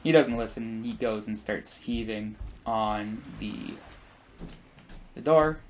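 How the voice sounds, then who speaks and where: A man's voice: takes it slowly, a little mellow, a little hiss or hum. Rambling young man telling a story. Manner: rambling, full of asides and fillers; acts out quoted people with big pitch jumps. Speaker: gameplay commentator. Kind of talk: casual storytelling while playing.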